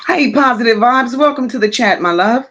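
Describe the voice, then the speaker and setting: A woman's voice: fairly high pitch, animated, moderate pace, a bit bright, dull audio. A woman hosting a casual livestream, greeting viewers and reading out their comments in a blunt, affectionate manner. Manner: affectionate, calls viewers "my love" and "boo". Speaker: livestream host.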